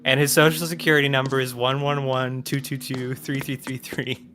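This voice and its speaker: A man's voice: medium pitch, little pitch movement, music in the background. A man chatting and joking casually while playing a co-op puzzle game with a friend. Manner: joking, chatty, quick laughs. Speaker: co-op game player. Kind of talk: casual gaming chat.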